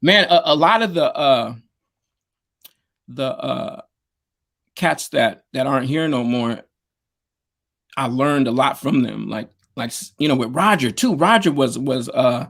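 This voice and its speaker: A man's voice: mid-range voice, expressive, measured pace, gravelly, pauses often, fairly bright tone. A man, a DJ and producer, telling stories in a casual interview, rambling with lots of fillers and slang over a video call. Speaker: guest, DJ and producer.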